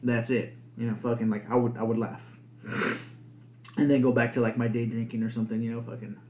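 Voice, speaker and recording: A man's voice: mid-range voice, little pitch movement, fairly quick, darkish tone. A young man hosting a podcast alone, rambling casually with lots of swearing and filler words. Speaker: podcast host. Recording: echoey room.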